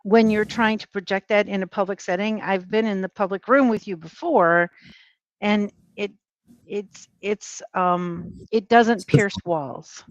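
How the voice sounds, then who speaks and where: A woman's voice: medium pitch, fairly even intonation, unhurried, no room sound, highs cut off. A woman guest in a casual chat, speaking emphatically and explaining her points with acted-out examples.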